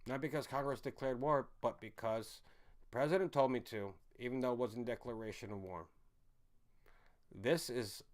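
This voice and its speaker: An American man in his thirties hosts a casual livestream, ranting angrily and cursing as he swings between loud outbursts and low muttering. His tone is clear and resonant.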